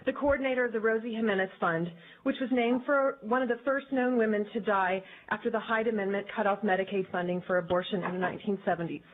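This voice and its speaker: A woman speaking in an earnest, measured way as she gives prepared testimony before a legislative committee. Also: a little high. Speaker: advocacy group director testifying. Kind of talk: formal public testimony. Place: legislative committee hearing room. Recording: tinny, phone-like archive audio.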